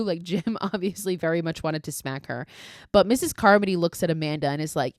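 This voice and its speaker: A woman's voice: on the low side, fairly quick, no room sound, studio quality. A young woman hosting a podcast, casually recapping a film with lots of swearing and quoted lines. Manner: profane, animated retelling with quoted lines. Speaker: podcast host.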